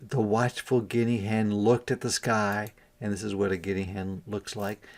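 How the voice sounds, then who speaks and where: A kindergarten teacher reading a picture book aloud, adding expressive asides and questions for young listeners. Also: low-pitched, normal speed.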